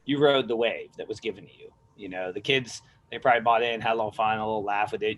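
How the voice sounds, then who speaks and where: A middle-aged American man, a gym manager and strength coach, chats casually as a podcast guest in a fast, lowish voice. He tells stories with energy and raises his voice to act out quotes. The recording is rough, with slight background noise.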